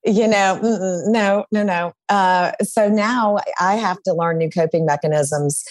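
A woman's voice: medium pitch, measured pace, no room sound. A woman appearing as a divorce attorney guest on a podcast, talking in a reflective, candid way. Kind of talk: conversational interview.

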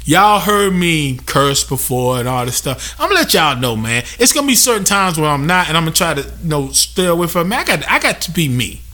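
A young man with a high, bright voice delivers a comedic venting rant on his podcast. He curses freely, stresses his points hard and slips into mimicry of customers. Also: sing-song, a little fast, few pauses. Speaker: podcast host.

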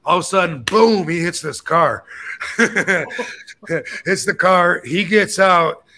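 A man's voice: sits high, takes it slowly, slight background noise. A man in his fifties, hosting a podcast, telling a rambling story in casual chat and acting out the voices and curses of the people in it. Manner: animated, acts out quoted dialogue with cursing. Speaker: podcast host.

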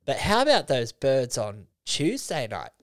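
A man hosts a casual podcast chat in a middle-pitched voice. He swears freely and slips into small impressions while telling stories. The sound is dry and close. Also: huge pitch swings, a little slow, dry recording. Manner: swears freely, storytelling with mimicry. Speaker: podcast host.

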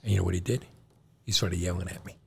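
A man's voice: sits low, quick pace, creaky, slightly rough. A middle-aged man, co-host of a podcast, telling his son a long family story and acting out the people in it. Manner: animated storyteller, acts out quoted doctors. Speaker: podcast co-host, John's father.

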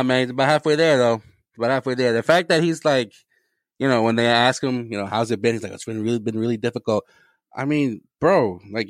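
Podcast co-host, male, mid pitch, animated and profane, dry close mic. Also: dry recording. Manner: animated, profane, laughs often. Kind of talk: casual sports chat.

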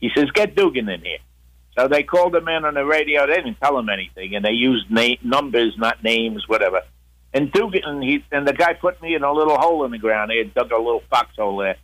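A man's voice: mid-range voice, animated, fast talker, a bit bright, no room sound, rough recording. A man in his seventies or older, a veteran guest recounting a story in a rambling way and acting out quotes. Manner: rambling, with frequent "uh" and acted-out quotes. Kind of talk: storytelling interview.

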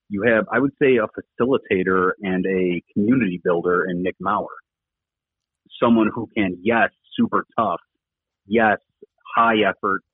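Middle-aged ex-coach, low husky voice, earnest and rambling, heard over a thin phone line. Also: male voice, no echo. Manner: earnest, rambling with many fillers. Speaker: former rugby coach, podcast guest. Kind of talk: casual conversational interview talk. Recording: tinny phone-line audio, dry.

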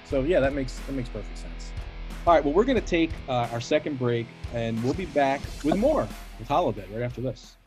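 A man's voice: mid-range voice, expressive, brisk, a little mellow, soft background music. A man hosting a wrestling podcast, asking questions and affirming his guest. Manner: affirming, asks questions with fillers. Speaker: podcast host. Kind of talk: podcast interview.

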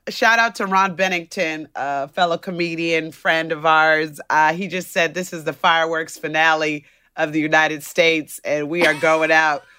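A woman's voice: sits low, steady tone, normal speed, hardly any pauses, bright, forceful tone, smooth. A woman guest comedian in casual podcast chat, playful and jokey.

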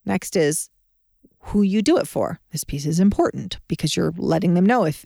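A woman's voice: lowish voice, animated, normal speed, creaky, dark tone, no room sound, studio quality. A woman hosting a podcast, teaching sales in a confident, emphatic, conversational way as a business advisor.

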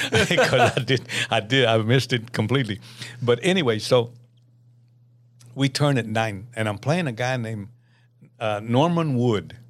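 A man in his eighties, a podcast guest telling stories in a lively way, laughing often and acting out the dialogue. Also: medium pitch, creaky. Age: 80s. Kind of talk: anecdotal storytelling.

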